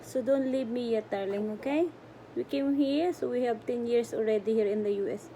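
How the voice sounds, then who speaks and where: A woman's voice: a little high, normal speed, mellow, slight background noise. A middle-aged woman, chatting to viewers about her cat at home, fond and rambling in broken English. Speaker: pet vlogger. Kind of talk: casual vlog talk to her cat and viewers.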